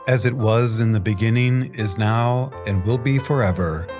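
A man's voice: lowish voice, normal speed, music in the background. A middle-aged male priest reading scripture and preaching in a conversational storytelling way, chuckling often.

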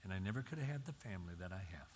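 Older guy preaching, low voice, repeats his points harder each time, big echoey hall with faint room noise. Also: expressive, very fast, a little mellow. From Michigan, US. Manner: emphatic, repeating key phrases with rising intensity. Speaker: Christian speaker. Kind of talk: sermon-style talk to an audience. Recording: reverberant hall, faint ambience.

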